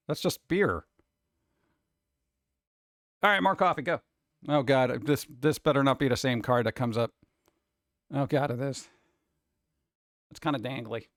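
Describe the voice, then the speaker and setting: A man's voice: mid-range voice, measured pace, pauses often, fairly bright tone, no echo, clean studio sound. A man hosting a casual stream and reading viewer comments, rambling and joking about himself. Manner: rambling, joking, self-deprecating. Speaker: streamer host.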